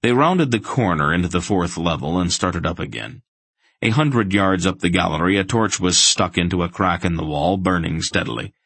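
Deep, gravelly male audiobook narrator. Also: animated, moderate pace, a bit bright, no echo. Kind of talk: scripted fantasy narration.

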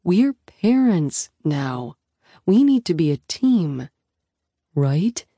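A calm, patient husband who reassures and teases softly, read by a woman. His voice sits low and mellow. The sound is close and dry, like a storybook read in a quiet booth. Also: very slow, slightly rough, no echo, full character voice. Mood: earnest. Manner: soft, reassuring and lightly joking. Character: calm, patient, gently teasing male husband.

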